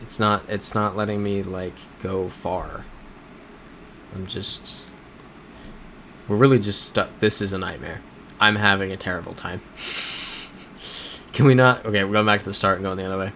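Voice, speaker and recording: A man's voice: low voice, a little slow, pauses often, pushed and bright, slight background noise. A man chatting casually as he streams a geography game, thinking aloud and reading out his chat.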